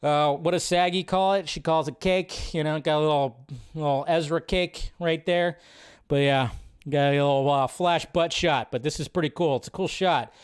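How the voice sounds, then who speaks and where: Dude hosting a live stream, hyped and rambly, cusses a lot, slightly high voice. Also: male voice, moderate pace, clean tone. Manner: excitable, rambling, swears freely. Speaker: host. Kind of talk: casual live-stream commentary.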